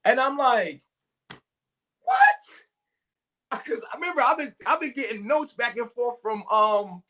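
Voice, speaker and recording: A man's voice: very high-pitched, moderate pace, bright, forceful tone, highs cut off. A man telling a story in casual talk, acting out every quote with big jumps in his voice and swearing freely. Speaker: storyteller guest. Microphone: remote call mic.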